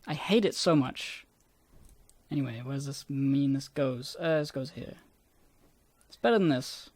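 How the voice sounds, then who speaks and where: A man casually rambling about his own old videos, self-deprecating and swearing often, with a somewhat squeaky voice. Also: measured pace, a little mellow, dry recording.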